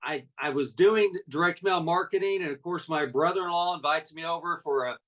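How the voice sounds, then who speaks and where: A man's voice: on the high side, a little fast, fairly bright tone, far from the mic, rough recording. Folksy older man telling stories. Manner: folksy, conversational, acts out dialogue in stories. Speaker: network marketing leader addressing a team. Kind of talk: motivational personal storytelling talk.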